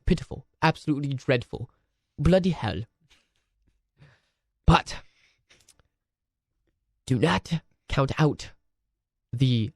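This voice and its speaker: A man's voice: mid-range voice, dry recording, voice pushed down, full character voice. A man voicing a pompous, posh English male sports presenter with a mock English accent and grand, over-formal announcing on a radio show. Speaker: radio co-host. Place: radio studio.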